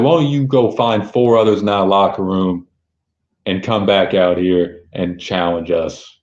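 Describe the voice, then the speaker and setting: A man hosting a podcast, recapping events in an excited, casual way and quoting what people said. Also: fairly low pitch. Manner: excited, recounting events with quoted lines. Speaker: podcast host. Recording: roomy, dull lo-fi sound.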